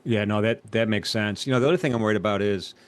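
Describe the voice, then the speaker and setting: A man's voice: lowish voice, fast, clean tone. A man co-hosting a live trading show, speaking conversationally and putting questions to the others. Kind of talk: live market discussion.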